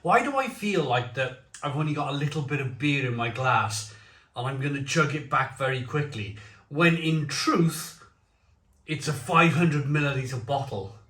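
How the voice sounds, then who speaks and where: A man's voice: mid-range voice, expressive, normal speed, a bit bright. A man reviewing beers in a casual, rambling chat to camera, stumbling over restarts. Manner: chatty and rambling, with stammered restarts. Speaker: beer reviewer. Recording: echoey room.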